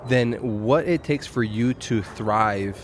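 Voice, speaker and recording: A man's voice: medium pitch, slow. Male podcast host, reflective and philosophical in casual talk, faint traffic outside. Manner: reflective, muses on life and culture. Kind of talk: casual conversation. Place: outdoor restaurant patio at night.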